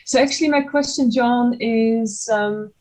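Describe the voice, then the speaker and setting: A woman's voice: a little high, a little slow, a little mellow, poor audio. A woman from the audience asks a long question, hesitant and full of restarts. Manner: hesitant, with many fillers and restarts. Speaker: audience member asking a question. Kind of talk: asking a question.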